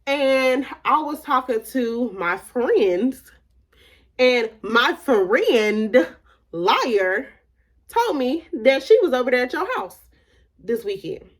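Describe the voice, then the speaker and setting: A woman's voice: high-pitched, lively intonation, takes it slowly. A woman vlogger telling a casual storytime, emphatic and candid, filling her talk with "like" and retelling conversations. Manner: emphatic, repeats "like" often.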